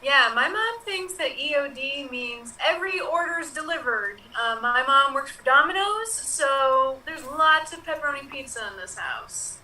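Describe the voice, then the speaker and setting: Woman improv player, very bright tone, animated pitch, distant echoey mic. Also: unhurried, hardly any pauses. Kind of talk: improv comedy on a video call. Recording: echoey room, distant mic, faint hiss.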